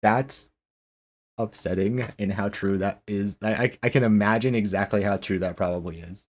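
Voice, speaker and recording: Streamer guy, lowish husky voice, rambling chatty talk w/ lots of like and restarts. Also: fairly even intonation, normal speed. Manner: rambling, questioning, many restarts and fillers. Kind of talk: casual chat with stream viewers.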